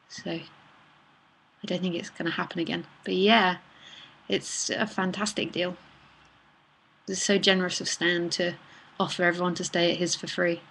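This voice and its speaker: A woman hosting a casual live-streamed talk, reading out viewers' messages and answering them in a relaxed, chatty way with soft murmured asides. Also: lowish voice, breathy edge. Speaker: nonduality speaker answering live chat questions.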